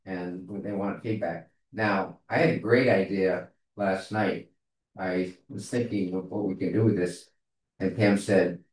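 A man in a casual meeting discussion, talking haltingly as he searches for words. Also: sits low, fairly even intonation. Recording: echoey room, far from mic.

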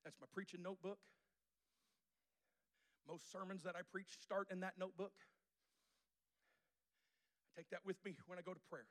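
High-voiced male pastor preaching. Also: fairly even intonation, normal speed, long pauses, a bit bright. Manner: repetitive, call-and-response preaching. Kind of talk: sermon. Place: church sanctuary with congregation.

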